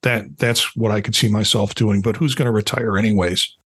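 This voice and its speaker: A middle-aged man co-hosting a podcast, talking in a hesitant, measured way with many restarts. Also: on the low side, fairly even intonation, a bit bright, breathy edge. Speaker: podcast co-host. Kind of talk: casual chat.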